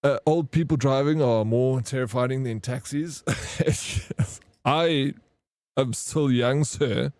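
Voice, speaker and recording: A man's voice: mid-range voice, takes it slowly, a little mellow, no room sound. A man chats loosely with his live-stream viewers. He drifts from story to story, dropping "bro" all the time. His voice sits mid-range and sounds dry, with no room around it. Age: 30s. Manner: rambling storyteller, slangy, says "bro" often.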